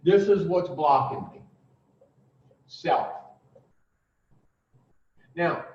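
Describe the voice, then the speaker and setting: A man with a slightly high voice leads a recovery class, laying out the steps with emphatic, drawn-out pauses and plain, profane bluntness. He sounds distant from the mic, in a roomy space with a dull, lo-fi tone. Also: a little mellow. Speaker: recovery speaker teaching the twelve steps. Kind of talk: informal recovery talk to a group.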